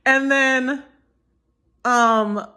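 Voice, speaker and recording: Young woman vlogger, unhurried, giggly and scattered, slightly high voice. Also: fairly even intonation, bright, forceful tone, clean tone. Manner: giddy and giggly, rambling with many restarts. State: tired. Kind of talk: rambling casual vlog.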